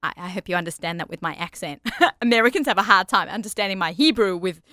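A woman's voice: mid-range voice, fast talker, sharp tone, no echo, clean studio sound. A middle-aged woman with an Australian accent, hosting a radio show in a chatty, laughing manner. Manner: chatty, laughs often, self-correcting. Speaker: radio host. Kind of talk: casual chat.

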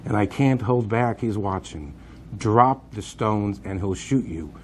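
A man voicing an uneasy male camp kapo who pleads urgently in a hushed voice. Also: fairly low pitch, animated, unhurried, a little hiss or hum.

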